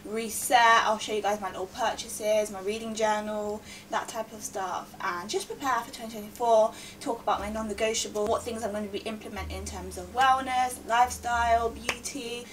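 A 21-year-old woman chatting in a vlog, out of breath and rushing, bubbly and gushing. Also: fairly high pitch, fairly even intonation, distant mic, slight background noise, rough recording. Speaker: vlogger. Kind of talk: casual vlog chat.

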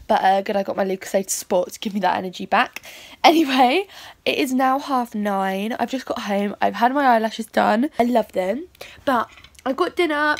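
Young woman, casual vlogger, self-deprecating chatter into a phone, slightly high voice. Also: normal speed. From United Kingdom. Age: young adult. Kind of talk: casual vlog chat.

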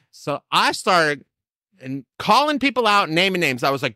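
A man's voice: high voice, big pitch swings, quick pace, pushed and bright, no room sound. Man telling a recovery story, dry close sound. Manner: storytelling, acts out quoted exchanges. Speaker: recovery speaker. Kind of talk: personal story share.

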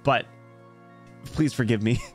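A young male VTuber rambles and jokes with his chat during a relaxed gaming livestream. He takes his time speaking, his voice medium in pitch, with soft background music.

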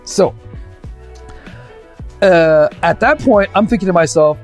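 A man's voice: sits high, slow, soft background music. A young man from Canada telling a comic story and acting out the people in it. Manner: animated, acts out the people in his stories.

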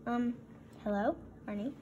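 A woman's voice: fairly high pitch, measured pace, mellow, dull audio, a little hiss or hum, natural voice. A woman voicing a sheepish, bumbling grown man who hesitates and stammers. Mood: stammering.

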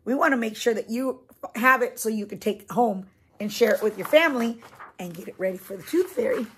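A woman's voice: a little high, fairly quick, slight background noise. A woman teacher reading a picture book aloud to young children, stopping to ask questions and explain. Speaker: preschool teacher.

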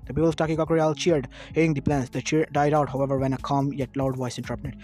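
A man's voice: medium pitch, flat delivery, fast talker, few pauses, mellow, soft background music. A man reading a fan fiction story aloud as narrator, plainly, with occasional slips and restarts.

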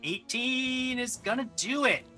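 Bright-voiced man narrating a tabletop game. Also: very high voice, measured pace, faint music behind. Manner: vivid descriptive narration with easy laughs. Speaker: game master.

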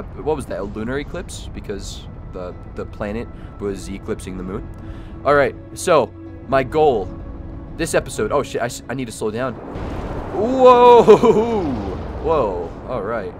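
A young man giving casual let's-play commentary, excitable and stammering over restarts, yelping when startled. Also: medium pitch. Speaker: gaming YouTuber.

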